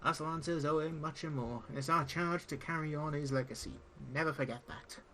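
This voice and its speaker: A man voicing a gruff old male tavern keeper and former lancer, reading game dialogue aloud with pirate-esque speech. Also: fairly high pitch, a little fast, pushed and bright, slight background noise, low-quality recording. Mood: storytelling. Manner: pirate-esque speech with dropped g's and "aye".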